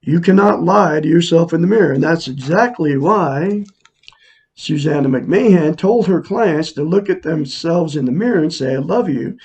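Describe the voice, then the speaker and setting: 60-something guy preaching self-help to his viewers, raspy gravelly voice, keeps repeating himself. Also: fairly high pitch, normal speed, darkish tone. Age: 60s. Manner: earnest, repetitive, preachy. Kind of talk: casual monologue to viewers. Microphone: camera mic, looking into a mirror.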